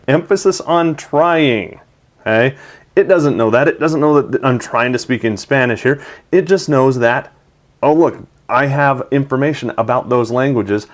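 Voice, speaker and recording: A man's voice: medium pitch, normal speed. A man hosting a tech video, narrating a product demo in an enthusiastic, chatty way.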